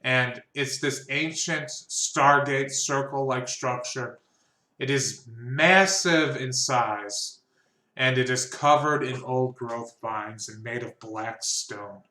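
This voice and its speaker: A man's voice: mid-range voice, slow, pushed and bright, roomy sound. A man narrating a tabletop game as game master, chatty, laughing easily and stumbling over names.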